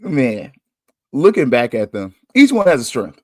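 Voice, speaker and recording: A man hosting a podcast, talking candidly in a casual monologue, chatty and quick to laugh. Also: mid-range voice, wildly swooping pitch, a little mellow, no echo, studio quality. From United States. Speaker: podcast host.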